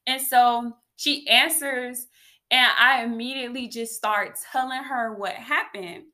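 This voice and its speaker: Bright-voiced woman chatting with viewers. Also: sits high, unhurried. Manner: animated, chatty, addresses viewers as y'all. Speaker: faith vlogger. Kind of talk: casual testimony to viewers.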